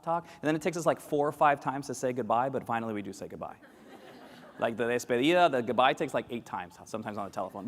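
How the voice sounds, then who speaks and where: Animated man speaking in a reverberant hall. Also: medium pitch, quick pace. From grew up in Latin America. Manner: animated, quizzes the crowd, acts out quoted voices. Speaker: keynote speaker. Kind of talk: lively keynote talk to a live audience. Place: large hall with live audience. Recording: echoey hall with long reverb.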